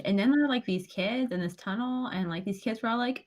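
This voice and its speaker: A woman playing in a tabletop game, telling what happened in a casual, animated way and swearing freely. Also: on the high side, fast. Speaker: player.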